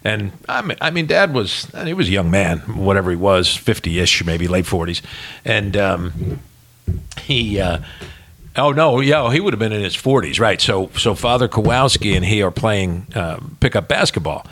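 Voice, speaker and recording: A man's voice: on the low side, expressive, fairly bright tone, slight background noise. A man co-hosting a casual talk show, agreeable and wry, telling a family anecdote. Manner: agreeable, quick affirmations, wry. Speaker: podcast co-host. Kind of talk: casual chat.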